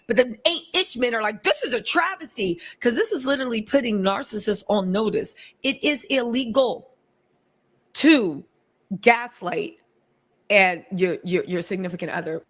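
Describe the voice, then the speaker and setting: Woman doing casual commentary, animated, slightly high voice, keeps talking to the crowd. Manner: animated, talks in quick asides to the audience.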